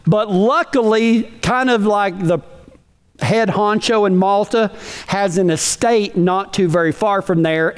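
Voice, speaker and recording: A man's voice: a little high, clean tone. A man preaching a sermon in a folksy, emphatic way, full of rhetorical questions.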